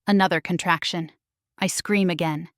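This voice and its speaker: A woman's voice: lowish voice, steady tone, normal speed, no room sound, studio quality. A woman narrating a first-person romance audiobook in a dramatic, intimate storytelling manner.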